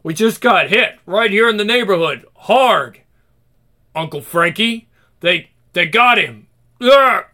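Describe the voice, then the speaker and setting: A man's voice: high-pitched, lively intonation, unhurried, pushed and bright, exaggerated voice. A man voicing a panicked male mob crony who talks in a frantic, rattled rush.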